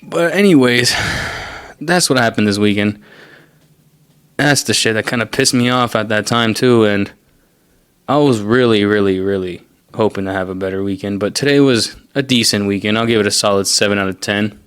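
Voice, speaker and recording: A young man rants his way through a story on his podcast, swearing freely and sounding fed up. His voice sits on the low side. The sound is dry, with almost no room around it. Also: normal speed, a bit bright, clear, resonant tone, no echo. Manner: profane, exasperated storytelling. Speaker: podcast host. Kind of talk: casual ranting monologue.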